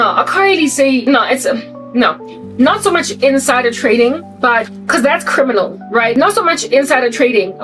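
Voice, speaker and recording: A South African woman vlogging to camera, delivering an animated, preachy satirical rant full of repeated rhetorical questions. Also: high voice. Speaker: Christian vlogger. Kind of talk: ranting satirical monologue to camera. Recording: voice distant from mic, faint music behind.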